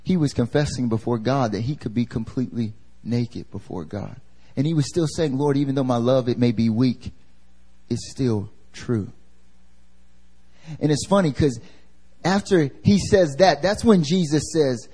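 A man preaching a church sermon with dramatic swings between loud emphasis and hushed, near-whispered lines, acting out voices from the story. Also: mid-range voice, moderate pace, slightly rough. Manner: acts out quoted voices, laughs at himself. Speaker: pastor. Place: church service, live.

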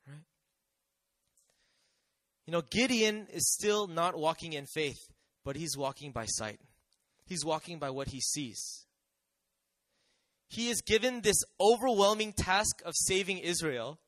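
A man's voice: high voice, lively intonation, measured pace, pauses often, fairly bright tone, dry recording. A man preaching a sermon in a conversational way, often asking the audience questions and acting out quotes.

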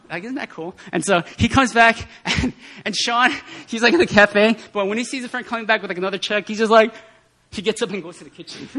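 Animated man telling a testimony. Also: high voice. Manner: animated storytelling, often laughing. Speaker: prayer meeting speaker. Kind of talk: testimony sermon.

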